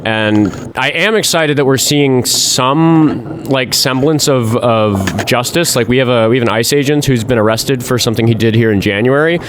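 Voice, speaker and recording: A man's voice: medium pitch, moderate pace, hardly any pauses, noisy background. A man hosting a live call-in debate stream, talking casually and sarcastically, with lots of fillers and restarts. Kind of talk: casual political call-in chat.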